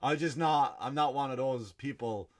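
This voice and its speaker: An Irish comedian hosts his podcast with a loose, profane rant. His medium-pitched voice swings between mock outrage and deadpan asides, full of swearing and Irish turns of phrase. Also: moderate pace. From Ireland. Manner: profane, animated ranting. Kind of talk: stand-up style comic rant.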